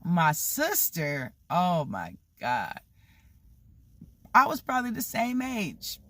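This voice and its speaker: A person in their thirties telling childhood stories in a casual vlog, animated and swearing freely, with lots of "like" and "you know". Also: medium pitch, slow. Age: 30s. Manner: animated, swears freely, acts out the people in the story; heavy use of "like" and "you know" fillers. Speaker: vlogger telling a story.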